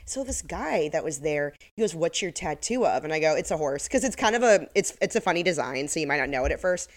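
A woman co-hosting a podcast with a somewhat low voice for a woman. She recaps a TV episode in easy, casual chat. Her humor is dry and sarcastic, and she often laughs at her own jokes. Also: animated, quick pace. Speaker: podcast co-host.

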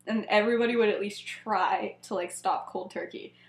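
A young woman co-hosting a podcast, casually retelling a fan story, animated and laughing often. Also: mid-range voice, normal speed. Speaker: podcast co-host. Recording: echoey room.

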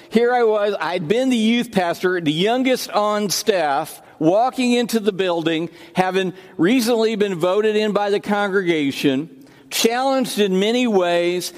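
A pastor delivers a sermon in a fairly high voice, often repeating his words and restarting phrases as he tells his stories. His voice carries a long reverb from a church sanctuary. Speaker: senior pastor.

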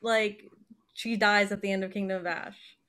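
A young woman co-hosting a podcast in casual chat, excitable and rambling with quick asides. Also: mid-range voice, smooth. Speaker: podcast co-host.

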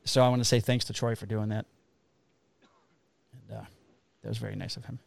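A man, a police officer co-hosting a podcast, telling a story in a casual, animated way with a lot of swearing. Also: lowish voice, a little fast, vocal fry. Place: Illinois.

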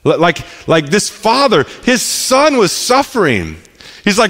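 A male pastor in his thirties delivers a sermon in a relaxed, conversational way, often stumbling and repeating words as he restarts. His voice sits a little high and swings widely in pitch. The sound carries a long echo from a large hall. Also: a little slow. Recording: echoey hall.

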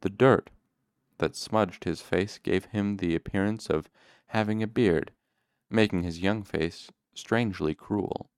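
A man reading a novel aloud in the first person, with measured, steady storytelling. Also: deep voice, clean tone, no room sound, clean studio sound. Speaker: audiobook reader.

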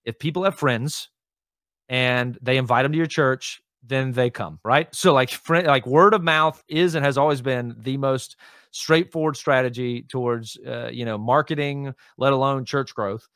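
A lead pastor guests on a podcast in a casual interview, his medium-pitched voice slightly bright and clean, recorded dry with studio quality. He teaches emphatically, repeatedly pressing "right?" and "hear me," full of fillers, restarts, and quick asides.

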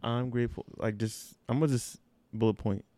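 A man's voice: mid-range voice, fairly even intonation, brisk, warm tone, no echo. A man co-hosting a podcast in casual chat, rambling and laughing easily. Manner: laid-back, rambling, lots of fillers and laughs. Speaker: podcast co-host.

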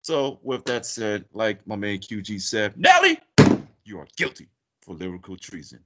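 A man hosting a podcast comedy segment as a mock judge, playful and theatrical, jumping high for emphasis. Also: normal speed, heavy background noise. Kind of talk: animated casual banter, mock courtroom bit. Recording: dull lo-fi audio.

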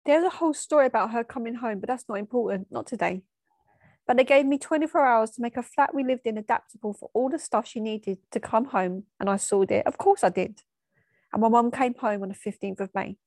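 A woman telling a painful personal memory, tearful and halting, often stopping and restarting. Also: on the high side, darkish tone, no room sound, clean studio sound. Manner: halting, emotional storytelling with restarts. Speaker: storyteller. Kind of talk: personal spoken memoir.

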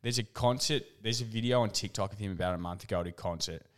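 Lively man in his twenties. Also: on the low side, quick pace. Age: 20s. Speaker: podcast co-host. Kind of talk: casual chat.

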